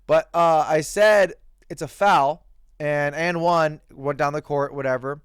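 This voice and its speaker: A man's voice: fairly high pitch, measured pace, clean tone, no room sound, clean studio sound. A young man telling a heated, profane story about a pickup basketball game in a casual rant. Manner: heated, profane, animated retelling.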